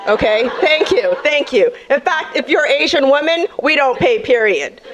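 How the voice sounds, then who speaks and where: Brash high-voiced woman doing stand-up. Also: expressive, moderate pace. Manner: brash, sassy, talks straight to the crowd. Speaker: stand-up comedian. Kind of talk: stand-up comedy set. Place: comedy club stage.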